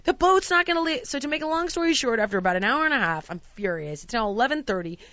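A woman spins a rambling travel story, acting out every exchange and swearing when she rants. Her voice is bright and swoops up and down. The recording is dry and a little dull. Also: medium pitch, animated, racing, no echo. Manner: dramatic, acts out quotes, rants with swearing. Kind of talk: animated casual storytelling.

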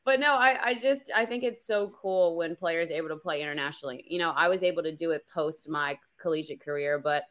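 A woman's voice: low voice, fairly quick, hardly any pauses, a bit bright. A young adult woman co-hosting a podcast, chatty and upbeat, laughing easily. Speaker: podcast co-host. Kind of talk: casual chat.

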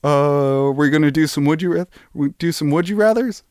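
A man putting on a playful impression of a cheerful male friend, talking in an excited, bouncy way. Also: a little high, normal speed, smooth, dry recording, studio quality, voice pushed up, lightly acted. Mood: eager.

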